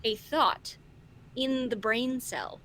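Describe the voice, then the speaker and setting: A woman playing a tabletop game, quick and playful as she explains her character's moves. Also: fairly high pitch, fairly bright tone. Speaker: player. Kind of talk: casual tabletop play.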